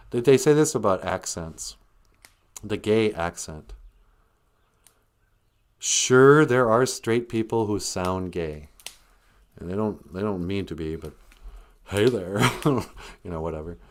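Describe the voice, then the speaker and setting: A man's voice: sits low, a little mellow, smooth. A man from Montana hosting a livestream, rambling through a joking monologue and laughing often. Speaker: livestream host. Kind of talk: casual comedic monologue.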